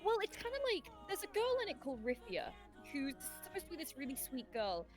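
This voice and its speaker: A woman's voice: high voice, sing-song, a little fast, over music. A woman telling long, rambling stories in casual chat, laughing often.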